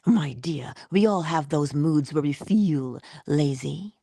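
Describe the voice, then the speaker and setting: Slow, gravelly-voiced motivational woman. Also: low-pitched, no echo, studio quality. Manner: expressive, breaks into whispers and laughs. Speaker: motivational vlogger. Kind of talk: casual motivational talk.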